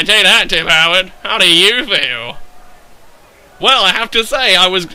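A young man giving sweary, excitable commentary over a football video game, breaking into loud outbursts and then dropping to low mutters. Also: poor audio. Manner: excitable and sweary, yelling at his players. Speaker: gaming YouTuber. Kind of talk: live gameplay commentary.

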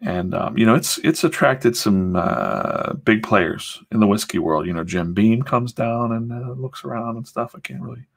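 Gravelly-voiced man rambling casually. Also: on the low side, very animated, moderate pace, hardly any pauses. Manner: loose storytelling with swearing and acted-out quotes. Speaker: comic artist streaming his drawing session.

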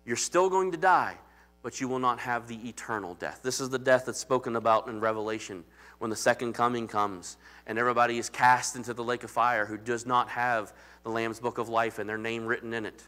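A man's voice: medium pitch, fairly even intonation, brisk, sharp tone. A man preaching as pastor in a conversational, emphatic sermon that calls out to the congregation.

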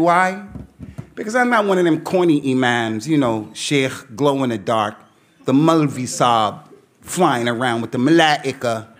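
Animated preacher, streetwise slang. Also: male voice, high voice. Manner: streetwise American slang mixed with Arabic phrases; animated storytelling, quoting himself. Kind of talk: talk to a youth audience.

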